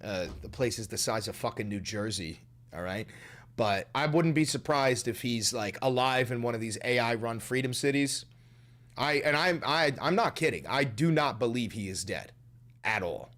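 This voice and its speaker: A man's voice: mid-range voice, expressive, normal speed, fairly bright tone. A man streaming live and reacting to a clip, ranting bluntly with lots of swearing and wild theories. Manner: blunt, swearing, conspiratorial rants. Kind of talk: profane live-stream commentary.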